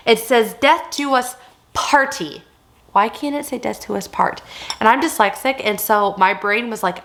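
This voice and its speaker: A woman's voice: medium pitch, a bit bright. A woman in her thirties chatting casually in a haul vlog, rambling and giggling as she shows off her finds. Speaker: vlogger showing a haul. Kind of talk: casual chat.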